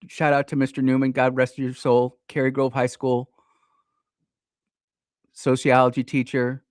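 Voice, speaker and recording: A man's voice: mid-range voice, no echo, clean studio sound. A man in his fifties hosting a radio talk show, talking in a fired-up, preachy way and speaking straight to his listeners. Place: radio studio.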